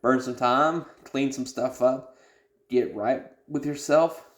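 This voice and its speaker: A man's voice: medium pitch, slow pace. A man on a podcast giving blunt, rambling advice in casual talk, cursing and using many fillers. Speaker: podcast host.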